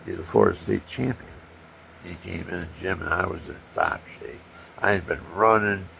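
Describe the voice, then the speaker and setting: Older guy with a really gravelly voice, rambling story, does the punch noises himself, faint hiss behind. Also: low-pitched, normal speed. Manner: animated, acts out punches with sound effects.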